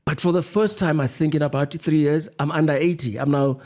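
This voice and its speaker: A man's voice: a little high, steady tone, fairly quick, warm tone. A man co-hosting a casual podcast chat, earnest and talking in long, rambling stretches. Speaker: podcast co-host.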